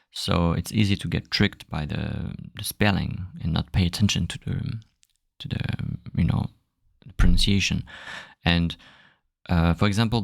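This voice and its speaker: A native French man with a French accent hosts a relaxed podcast lesson, stopping often and saying sounds over and over to show them. His voice sits very low with a gravelly edge. The sound is dry and close. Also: dry recording. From France. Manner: halting, repeats words, models sounds aloud. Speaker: language teacher podcast host.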